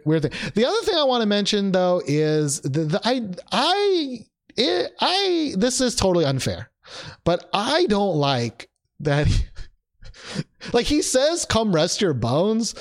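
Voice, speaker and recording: A young man co-hosting a casual chat, animated and rambling, laughing often and restarting his sentences. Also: a little high. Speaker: podcast co-host.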